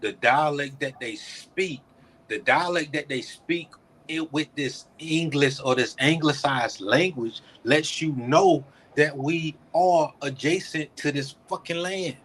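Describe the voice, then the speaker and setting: Male podcast host, husky, unhurried, emphatic, curses freely. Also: on the high side, a bit bright, rough recording. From South Georgia, United States. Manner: emphatic, explains at length, swears. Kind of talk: casual chat.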